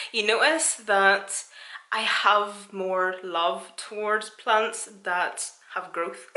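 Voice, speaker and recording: A woman's voice: mid-range voice, sharp tone, echoey room. A young woman chatting through a casual vlog tour of her houseplants, self-mocking and laughing often. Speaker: vlogger.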